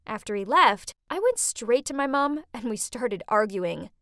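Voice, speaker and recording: Brief: woman narrator, high bright pitch, very lively swings, dry close sound, dramatic storybook read. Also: unhurried, no echo. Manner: animated, exclamatory, dramatic. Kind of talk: scripted first-person story narration.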